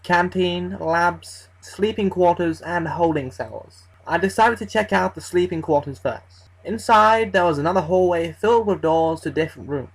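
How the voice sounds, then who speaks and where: Husky-voiced horror story narrator. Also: medium pitch, moderate pace, hardly any pauses, low-quality recording. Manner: casual and profane, conversational storytelling. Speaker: creepypasta narrator.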